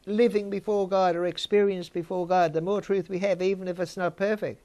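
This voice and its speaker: A woman's voice: on the low side, steady tone, brisk, few pauses, dark tone. An older woman, giving informal Bible teaching and chatting with her listeners. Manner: conversational, chats with listeners.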